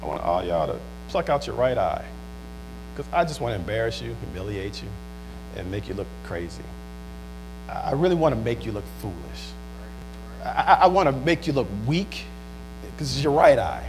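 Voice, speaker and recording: Scornful enemy king, deep and hushed , put on by a male preacher. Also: very animated, moderate pace, long pauses, noisy background. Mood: taunting.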